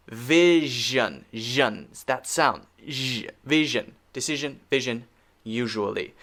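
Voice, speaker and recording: Slow, playful American man teaching pronunciation. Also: medium pitch, fairly bright tone. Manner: playful, repeats words slowly for drill, drops to near whispers. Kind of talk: casual online pronunciation lesson.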